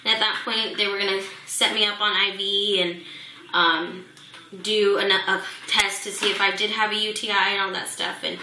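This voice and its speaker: A woman's voice: medium pitch, flat delivery, moderate pace, pushed and bright, a little hiss or hum. A young woman vlogger telling the story of a hospital visit during her pregnancy, with lots of fillers and restarts. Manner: emotional retelling, many fillers and restarts. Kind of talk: personal pregnancy update. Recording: echoey room.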